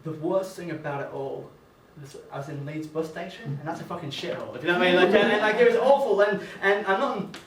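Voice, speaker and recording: A man's voice: high voice, quick pace, fairly bright tone, a little hiss or hum. A young man from Northern England performing a rambling, self-deprecating stand-up comedy set on a venue stage, with lots of stammered restarts. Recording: roomy, distant mic with faint venue ambience.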